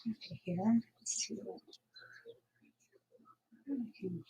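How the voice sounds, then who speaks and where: A woman's voice: medium pitch, slow, creaky, dark tone, slightly rough, highs cut off. A woman hosting a crafting livestream, chatting casually and thinking aloud as she works. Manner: chatty, thinking aloud while working, with asides and laughs.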